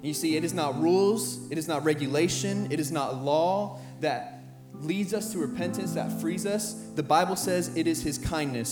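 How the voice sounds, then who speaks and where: A young man preaches an earnest sermon in a somewhat high voice, repeating his phrases as he builds. He is heard in a roomy church hall while a band plays clearly under him. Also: moderate pace, hardly any pauses, music in the background. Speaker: high school pastor. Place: church sanctuary with band playing behind.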